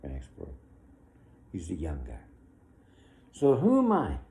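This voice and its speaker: A man's voice: low-pitched, huge pitch swings, unhurried, gravelly, mellow, slight background noise. A man in his sixties giving an opinionated, rambling monologue, with chuckles between his complaints. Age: 60s.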